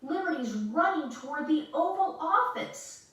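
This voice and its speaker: Calm storybook father, read by a woman, gentle, mic far off. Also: sits high, a little slow, voice pushed up. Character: calm patient father explaining rules. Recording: echoey room, mic far off.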